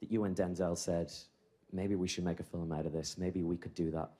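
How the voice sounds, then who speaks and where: A man's voice: sits low, fairly even intonation, brisk, dark tone. A man, a radio journalist, eagerly praising a performance before asking his question. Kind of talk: press conference question.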